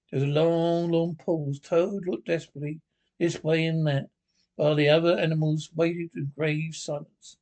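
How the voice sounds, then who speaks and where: Man narrator, gravelly, slightly high, unpolished storybook reading with slips. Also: little pitch movement, moderate pace, a little mellow. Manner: stumbling, self-correcting reading.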